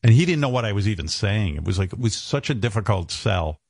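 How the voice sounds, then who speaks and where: Host, new guy, low voice, lively swoops, rambling and profane, dry close mic. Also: quick pace, no echo. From New York. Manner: profane, rambling storytelling with lots of fillers. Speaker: radio show host. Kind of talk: casual radio show banter.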